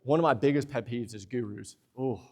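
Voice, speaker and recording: A young man preaching a sermon in a church, lively and talkative, slipping into playful asides. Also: medium pitch, fairly quick. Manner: lively preaching, acts out husband and wife exchanges in asides. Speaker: pastor. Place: church sanctuary.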